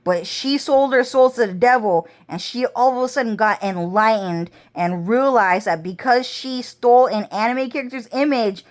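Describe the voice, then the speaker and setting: A woman's voice: moderate pace, hardly any pauses. A woman vlogger delivering a rambling, intense monologue full of swearing. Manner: profane, intense, swinging pitch and pace.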